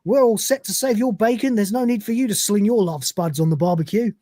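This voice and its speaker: A breezy, heroic male space officer , as a man reads him out. He sounds chummy and jaunty, pitched a bit above the reader's own voice. The room is dry. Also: fairly quick, warm tone, no echo.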